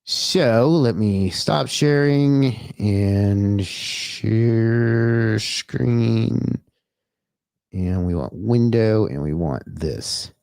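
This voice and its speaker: Casual livestream host, dry close sound. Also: male voice, on the low side, drawn-out words, gravelly, darkish tone, dry recording. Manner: loose and chatty, swears, talks to himself.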